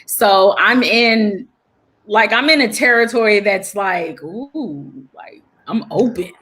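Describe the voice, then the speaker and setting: A woman's voice: medium pitch, takes it slowly, fairly bright tone. A woman who is a guest on a casual podcast chat, speaking candidly, with many restarts and fillers.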